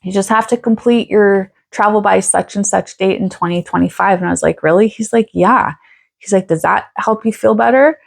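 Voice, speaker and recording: A woman's voice: medium pitch, normal speed, vocal fry. A woman vlogger telling a personal story in a chatty way, laughing often and acting out quoted lines. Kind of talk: casual storytelling to camera.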